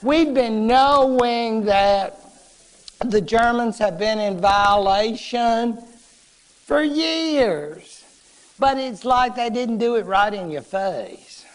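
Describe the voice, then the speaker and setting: A man's voice: extremely high pitch, lively intonation, takes it slowly. A man giving a casual, playful history lecture to a class, joking and acting out short quotes.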